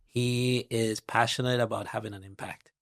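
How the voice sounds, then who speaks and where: A middle-aged man from Trinidad, a guest investor speaking in a measured, reflective interview manner, building his points with analogies and lists. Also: mid-range voice, fairly even intonation, no room sound, studio quality.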